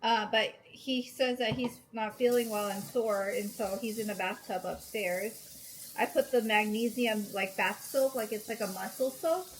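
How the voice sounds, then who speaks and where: A woman's voice: on the high side, a little slow, a little hiss or hum. A woman in her thirties chatting casually to a phone camera at home, laughing often and teasing playfully. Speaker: vlogger. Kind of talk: casual family vlog. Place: family home.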